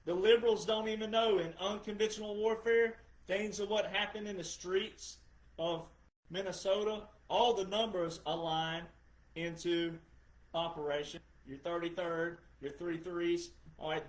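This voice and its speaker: A middle-aged man hosting a podcast, giving an emphatic, lecturing political monologue and repeating phrases for effect. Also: sits high. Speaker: podcast host. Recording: roomy echo.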